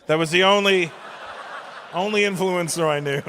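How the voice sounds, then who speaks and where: A man's voice: high-pitched, moderate pace, pushed and bright, some chatter behind, slight background noise. Profane stand-up man in his fifties. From Canada. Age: 50s. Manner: profane, mocking, acts out voices. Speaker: stand-up comedian. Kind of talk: stand-up routine with crowd work. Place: live venue with audience. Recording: long hall reverb from stage.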